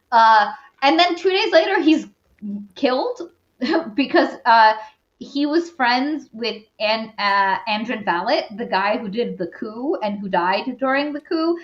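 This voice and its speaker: A woman's voice: a little high, lively intonation, a little slow. Chatty woman, rambling plot recap, lots of fillers, echoey room, dull lo-fi sound. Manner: rambling retelling full of fillers and asides. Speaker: podcast co-host. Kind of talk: casual book-review chat. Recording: roomy dull lo-fi recording.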